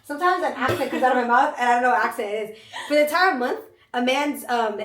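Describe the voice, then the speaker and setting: A woman, co-hosting a casual podcast chat in an animated, emphatic way, swearing freely. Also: fairly high pitch. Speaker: podcast co-host. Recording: roomy echo, mic at a distance.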